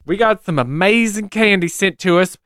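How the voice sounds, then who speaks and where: A woman co-hosting a podcast in casual comedic chat, goofy and quick to riff. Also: medium pitch, a bit bright, no room sound, clean studio sound. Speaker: podcast co-host.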